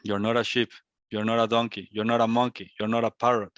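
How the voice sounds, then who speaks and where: A man's voice: fairly low pitch, flat delivery, quick pace, a bit bright, dry recording. Reflective male spiritual teacher, dry sound. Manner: reflective, repetitive phrasing. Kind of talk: satsang talk. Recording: dull, lo-fi, dry.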